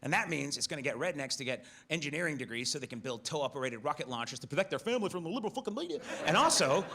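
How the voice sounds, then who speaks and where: A man with a British accent doing a stand-up comedy set, animated and profane, breaking into shouted inner voices. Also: on the high side, very fast. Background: audience laughter.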